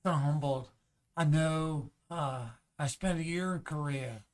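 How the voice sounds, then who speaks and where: A man from the United States, a comedian guest on a podcast, ranting with growing passion, swearing and at times shouting. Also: on the high side, measured pace. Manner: impassioned, building to shouting, swears. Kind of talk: casual podcast rant.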